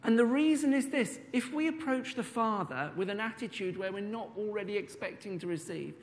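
High-voiced preacher in an echoing hall. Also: male voice, expressive. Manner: conversational, drawn-out emphasis on key words. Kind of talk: sermon.

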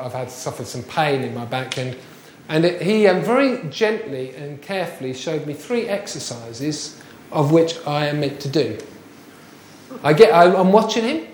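A man's voice: on the high side, darkish tone, roomy sound, slight background noise. A man preaching a sermon, chatty and full of rhetorical questions. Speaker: pastor.

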